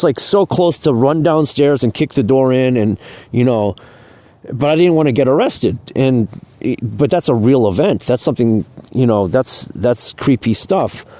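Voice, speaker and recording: A man with a dark, mellow voice rambles through a personal story, stopping and restarting often and pressing his points insistently. The sound is dry and close, with no room around it. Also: mid-range voice, no echo. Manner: rambling, halting, many restarts and fillers; agitated, insistent. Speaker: guest telling personal story. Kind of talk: casual storytelling.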